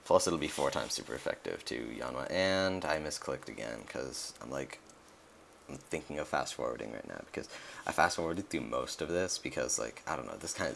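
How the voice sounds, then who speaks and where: A man's voice: a bass voice, vocal fry, a bit bright, slight background noise. A young man giving casual, rambling commentary over a video game he is playing, full of fillers and restarts. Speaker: let's play commentator.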